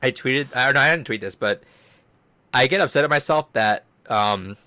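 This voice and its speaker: A man's voice: mid-range voice, moderate pace, bright, forceful tone, no echo. A man co-hosting a casual gaming podcast, rambling enthusiastically with lots of "like" and "dude". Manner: enthusiastic rambling, many fillers and restarts. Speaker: podcast co-host.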